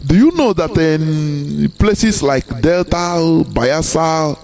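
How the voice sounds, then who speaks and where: A man with a Nigerian Igbo accent addresses listeners in a live broadcast speech. His voice sits somewhat high, and he drives his points home with repetition and rhetorical questions. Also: animated, slow, creaky, darkish tone, soft background music. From southeastern Nigeria. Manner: emphatic, repeats words and rhetorical questions. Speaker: activist broadcaster.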